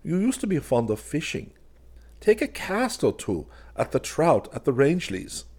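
A male reader voicing a gentle, probing man who quietly questions the narrator in a storybook reading. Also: on the high side, sing-song, moderate pace, husky, pitched above the performer's own voice.

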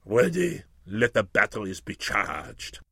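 A man voicing a pompous, fearful French duelist in a solemn, melodramatic, drawn-out way. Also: on the low side, very animated, vocal fry, fairly bright tone, husky, dry recording, clean studio sound, voice pushed down, heavily acted. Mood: stern.

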